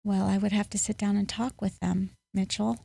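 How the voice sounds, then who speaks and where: A woman's voice: mid-range voice, flat delivery, normal speed, creaky, mellow, breathy edge, no room sound. A woman guest on a podcast, a life coach speaking in an earnest, motivational way with emphatic bursts. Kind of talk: podcast interview.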